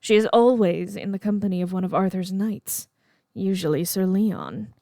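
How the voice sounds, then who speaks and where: A woman putting on a hushed, scheming sorceress. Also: medium pitch, moderate pace, gravelly, no room sound, lightly acted. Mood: cold. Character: scheming noblewoman sorceress, cold and deliberate.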